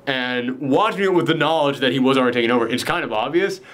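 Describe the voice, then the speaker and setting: Talking fast in a medium-pitched, somewhat bright voice, this young man gives a friend a casual spoiler rundown of a movie's ending. His delivery is loose and occasionally profane, and he acts out quotes from scenes in his normal speaking voice.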